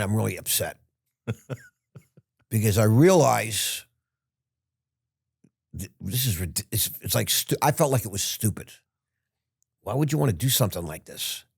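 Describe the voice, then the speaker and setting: A man's voice: lowish voice, animated, unhurried, creaky, pauses often, husky, dry recording, studio quality. A man in his sixties, a podcast guest, telling a rambling, frank story with restarts and the odd curse word. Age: 60s. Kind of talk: casual interview storytelling.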